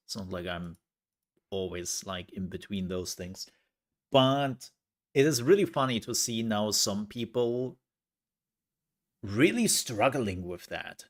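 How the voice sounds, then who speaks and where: A young man chatting casually to his livestream viewers, rambling with lots of fillers and laughs. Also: fairly low pitch. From outside the US, from a country with universal healthcare. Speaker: streamer.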